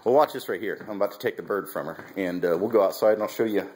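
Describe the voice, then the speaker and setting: Brief: low, husky male vlogger, casual and rambling, restarts often. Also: quick pace, darkish tone. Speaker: dog trainer vlogger. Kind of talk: casual instructional vlog. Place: at home, then outdoors with a dog.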